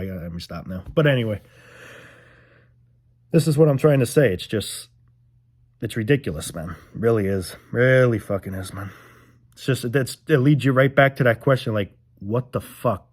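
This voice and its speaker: A young man ranting casually to his viewers, frustrated and rambling, swearing often and repeating himself. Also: mid-range voice. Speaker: vlogger. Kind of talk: casual rant to camera.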